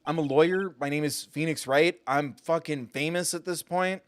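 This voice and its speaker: A man's voice: on the high side, moderate pace, no room sound, pitched above the performer's own voice, lightly acted. A man voicing an earnest young lawyer in a video game, insistent and slightly raised.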